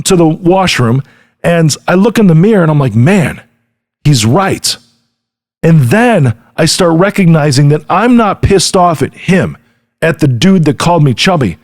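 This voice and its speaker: A middle-aged man hosting a podcast, giving an earnest motivational talk straight to the listener and often checking in with "right?". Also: on the high side. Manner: earnest, direct address with frequent "right?". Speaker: podcast host. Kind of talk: motivational monologue.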